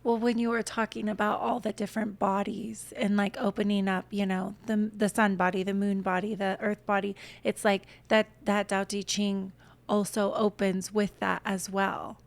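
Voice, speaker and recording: A woman co-hosting a spiritual podcast, talking earnestly with halting phrasing and many fillers. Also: medium pitch, little pitch movement, vocal fry. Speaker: podcast co-host. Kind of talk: casual spiritual podcast talk.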